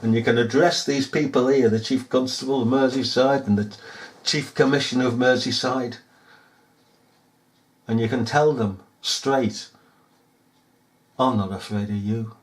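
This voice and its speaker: A man's voice: mid-range voice, steady tone, normal speed. Chuckling, scornful man. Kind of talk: rambling monologue rant.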